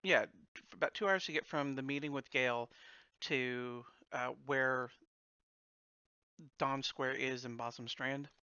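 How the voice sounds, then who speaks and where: A man's voice: medium pitch, fairly even intonation, a little slow, pauses often, pushed and bright, clean tone, dry recording, dull audio. A man narrating as the game master of a tabletop game, with a casual manner, laughing often.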